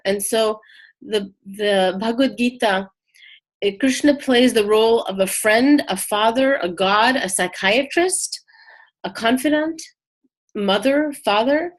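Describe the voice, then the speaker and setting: A woman with a fairly high voice gives a relaxed scripture class. She tells the story in a chatty, animated way, full of fillers and restarts. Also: unhurried. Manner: conversational, many fillers and restarts, animated retelling. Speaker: teacher. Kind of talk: casual spiritual lesson.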